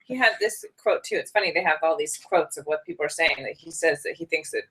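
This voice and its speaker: Woman, co-host, lowish voice, bright tone, frank casual chat. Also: fast, poor audio. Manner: frank, reads out chart entries.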